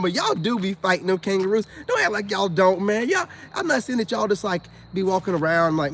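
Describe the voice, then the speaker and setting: A man's voice: high voice, big pitch swings, a little fast, few pauses, a bit bright, slight background noise. An American man giving rambling casual commentary to his viewers, laughing often and talking loosely in slang. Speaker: spiritual self-help vlogger.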